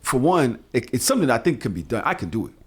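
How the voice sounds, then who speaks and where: A man, co-hosting a podcast and telling loose, profane stories full of animated asides. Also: mid-range voice, rapid-fire, husky. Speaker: podcast co-host. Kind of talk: casual podcast chat.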